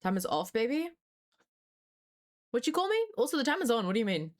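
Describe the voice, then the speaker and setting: A woman's voice: fairly high pitch, big pitch swings, fairly quick. A young woman streaming live, chatting casually with her chat in a scattered way, swearing freely and laughing often.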